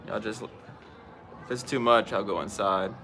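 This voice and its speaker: A man's voice: lowish voice, steady tone, moderate pace, bright, forceful tone, a little hiss or hum. A man hosting a casual fishing live stream outdoors, chatting and greeting viewers by name. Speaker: fishing livestream host. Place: outdoors at home.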